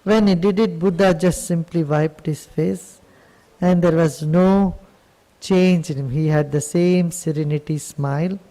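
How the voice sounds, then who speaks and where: A man teaching on spiritual matters, telling a story with gentle patience. His voice sits high for a man and has a mellow, warm tone. He speaks slowly and lets each phrase settle. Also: steady tone, low-quality recording.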